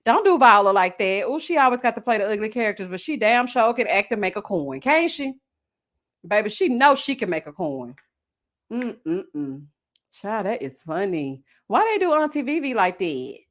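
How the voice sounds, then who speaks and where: A woman hosting a casual live chat, animated and laughing often, drawling endearments like "baby" and "child". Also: mid-range voice, normal speed. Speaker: livestream host.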